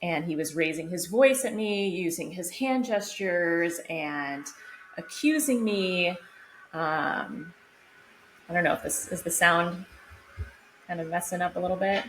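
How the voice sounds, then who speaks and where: Woman co-host, lowish voice, candid reflective storyteller; echoey home room with faint noise. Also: unhurried, a bit bright. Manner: reflective, open, uses many fillers like "like". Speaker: podcast co-host. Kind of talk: casual conversational storytelling. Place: home room, vacuum running outside the door.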